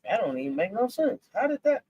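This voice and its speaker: A woman hosting a casual sports talk stream, animated and incredulous, repeating herself as she talks. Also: medium pitch, quick pace, breathy edge, dry recording, lo-fi sound. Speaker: sports talk show host.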